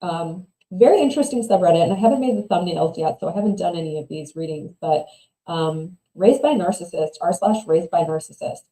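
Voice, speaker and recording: A woman's voice: lowish voice, brisk, dark tone, echoey room, poor audio. A woman livestreaming as she reads and reacts to online stories, chatty and opinionated, laughing often and trailing off into mumbles. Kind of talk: casual livestream commentary.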